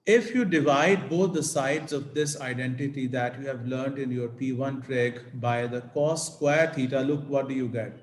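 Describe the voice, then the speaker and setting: A man's voice: medium pitch, steady tone, roomy sound. A man teaching a maths lesson, explaining step by step and checking in with "okay?" after each point. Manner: slow, deliberate explanation with frequent "okay?" checks.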